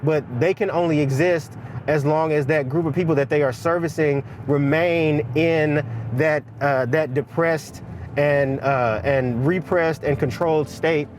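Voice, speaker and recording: A man speaking outdoors in a documentary interview, analytical and halting with repeated words. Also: a little high, steady tone, darkish tone, slight background noise.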